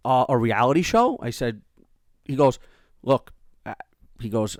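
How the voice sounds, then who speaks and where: A middle-aged man with a New York accent, a podcast host telling a family story in animated casual chat and acting out the quotes. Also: mid-range voice, fairly quick, dry recording, clean studio sound.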